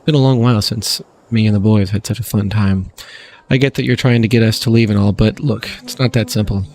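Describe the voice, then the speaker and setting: A man's voice: lowish voice, fairly even intonation, a little fast, a little mellow, a little hiss or hum, natural voice. A man voicing a proud, jolly older male dwarf leader in a fantasy game, with a hearty manner that keeps calling people lad. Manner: hearty, says "lad" a lot.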